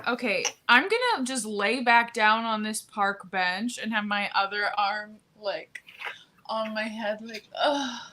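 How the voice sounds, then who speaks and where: Woman player in a tabletop game, slow drawly talk, bright sharp tone, kinda high. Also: a little hiss or hum. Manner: slow, drawn-out, laughs between lines.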